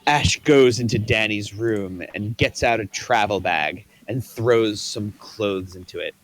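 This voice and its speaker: A man reads scene directions aloud for a table read. His delivery is plain and even, setting each scene. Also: lowish voice, a little slow, dry recording. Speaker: narrator reading stage directions.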